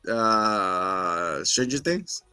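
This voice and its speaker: A man's voice: lowish voice, animated, drawn-out words, pushed and bright, clean tone, no echo, soft background music. A man co-hosting a podcast, casually rambling through scene recaps and acting out quotes. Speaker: podcast co-host. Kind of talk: casual chat.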